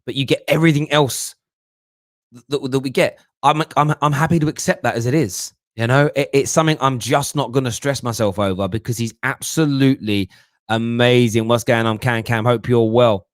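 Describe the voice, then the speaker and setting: Animated football show host. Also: male voice, mid-range voice, moderate pace, no echo, studio quality. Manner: animated, mocking put-on voices, London slang like "bruv". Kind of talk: live fan show chat answering viewer comments.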